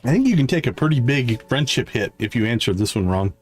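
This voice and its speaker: A man hosting a livestream, chatting casually with fillers and quick asides as he plays. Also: mid-range voice, big pitch swings. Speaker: livestream host. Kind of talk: casual game commentary. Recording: faint game music behind.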